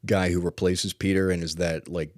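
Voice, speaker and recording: A man co-hosting a podcast in casual chat, animated and quick with asides, often laughing. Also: deep voice, dry recording, clean studio sound. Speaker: podcast co-host.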